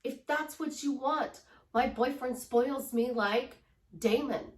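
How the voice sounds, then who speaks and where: A woman's voice: sits high, takes it slowly, distant mic. A woman from Chicago, a relationship life coach, giving an upbeat, gushing motivational vlog talk. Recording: echoey room, voice away from mic.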